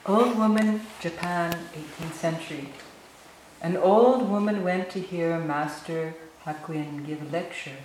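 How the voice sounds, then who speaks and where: A woman in a group reading a story aloud in a slow, deliberate way. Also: on the low side, darkish tone, slight background noise. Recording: very echoey room, mic far off.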